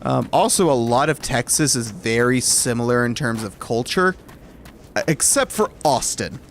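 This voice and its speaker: A man's voice: medium pitch, animated, normal speed, a little hiss or hum. A man from Alabama chatting casually with his stream viewers, rambling and correcting himself as he goes. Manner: rambling and self-correcting, light chuckles.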